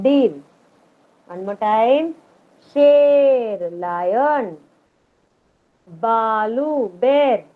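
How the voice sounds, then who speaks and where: A woman teaching a kindergarten class online, slowly and patiently repeating each word for the children to echo. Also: on the high side. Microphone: video call. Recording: tinny video call audio.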